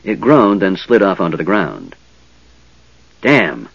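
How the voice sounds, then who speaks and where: A man narrating a fantasy audiobook in an expressive reading, recorded dull and dry. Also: sits low, moderate pace, gravelly, dry recording. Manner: lively, expressive reading with many voices.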